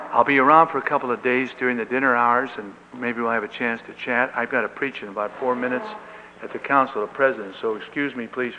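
A man's voice: mid-range voice, slight background noise. Man preaching in an echoey hall. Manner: earnest, animated storytelling with rising emotional peaks. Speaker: pastor. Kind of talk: sermon storytelling. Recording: echoey hall on dull lo-fi tape.

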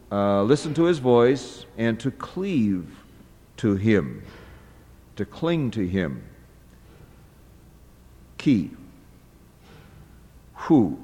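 A man teaching a scripture lesson, reading a text slowly line by line and pausing often with "uh". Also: medium pitch, darkish tone, in a large hall. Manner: slow, deliberate, pausing often with "uh". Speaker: Hebrew Bible teacher.

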